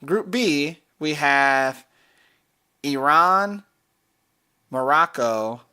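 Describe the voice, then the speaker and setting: A man's voice: a little high, expressive, extremely slow, sharp tone, clear, resonant tone. A man co-hosting a podcast, talking through soccer picks in a rambling way, with many fillers and restarts. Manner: rambling, self-correcting, frequent fillers. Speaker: podcast co-host. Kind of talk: casual chat about soccer picks.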